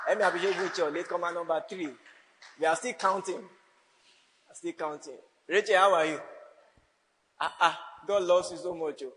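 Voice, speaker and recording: A man's voice: high voice, steady tone, normal speed, pauses often, fairly bright tone, long reverb tail, slight background noise, rough recording. A man preaching a sermon as a pastor, teasing his congregation and laughing often. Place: church hall.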